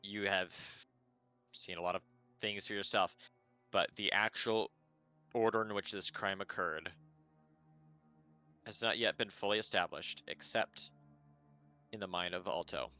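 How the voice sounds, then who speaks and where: A man running a tabletop game as dungeon master, narrating casually with many pauses and fillers. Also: low voice, steady tone, pushed and bright, faint music behind.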